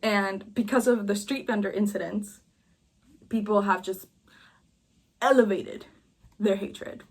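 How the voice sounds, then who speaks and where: A woman's voice: mid-range voice, unhurried, long pauses, a little mellow, breathy edge. A woman creator venting in a casual chat, emphatic and repeating her points for force. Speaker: video creator.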